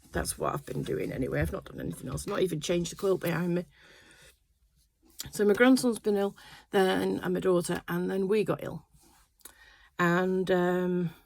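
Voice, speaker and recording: A woman's voice: lowish voice, creaky, a little mellow, dry recording. An older woman chatting casually in her sewing room, telling a rambling family story full of fillers. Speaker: quilting vlogger. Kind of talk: casual chat.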